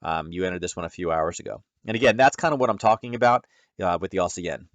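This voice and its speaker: In a casual screen-share trading lesson, a low-pitched man talks quickly through charts, rambling conversationally with plenty of fillers and self-corrections. The recording is dry.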